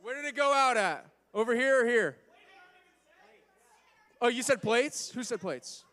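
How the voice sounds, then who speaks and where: A man hosting a party game for a church youth group, playful and teasing, now and then shouting over the room. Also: very high-pitched, lively intonation, unhurried, a faint crowd.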